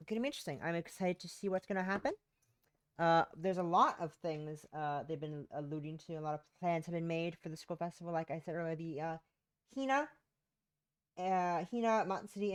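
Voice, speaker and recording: A woman's voice: on the low side, a little fast, smooth. A woman with a sore throat, streaming a game from home and chatting casually in a rambling, self-interrupting way. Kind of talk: casual gameplay chat.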